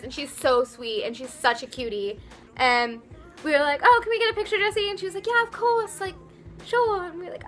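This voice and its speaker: A young woman vlogger telling an excited, rambling story, full of "like" and restarts, her voice a little worn after a concert. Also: high voice. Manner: rambly, flustered, lots of "like".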